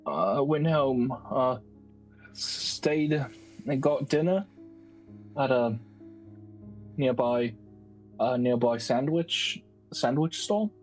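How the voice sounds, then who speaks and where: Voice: mid-range voice, slow, pauses often, soft background music, close to an everyday voice, low-quality recording. A game master voicing a nervous, brawny, wide-eyed man who stammers and hesitates through his answers in a tabletop game. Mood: evasive. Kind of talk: tabletop role-play character voice.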